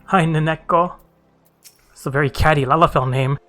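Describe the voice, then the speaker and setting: A man's voice: fairly high pitch, steady tone, brisk, pauses often, sharp tone, soft background music. A man giving casual gameplay commentary with sarcastic, joking asides. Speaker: let's play host.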